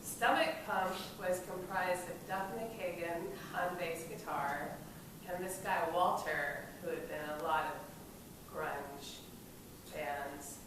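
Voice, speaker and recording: A woman telling a casual, lively story at an event, swearing and laughing as she goes. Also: lowish voice, slow pace. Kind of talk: casual spoken anecdote. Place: event space during a film screening. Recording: echoey room from far off, noisy.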